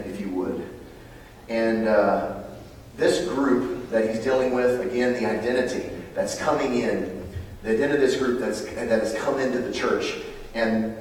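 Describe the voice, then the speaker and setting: A middle-aged American man preaching a sermon, swinging from loud, high bursts to low, quiet asides. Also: a little hiss or hum. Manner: animated, climbs high and loud when stirred, then drops low and quiet. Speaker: pastor. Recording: echoey hall, voice from far off.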